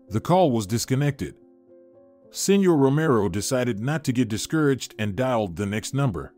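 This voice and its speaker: A man reading a moral story as a measured, steady narrator. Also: mid-range voice. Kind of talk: scripted narration. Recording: dry studio voice-over with soft music. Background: faint music.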